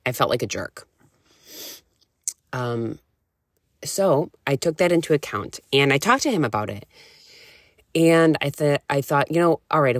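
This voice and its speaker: A woman in her thirties, a podcast host and nutrition coach, talking in a candid, animated way, full of "like" and casual swearing. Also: very deep voice, no room sound, studio quality. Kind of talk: casual solo podcast talk.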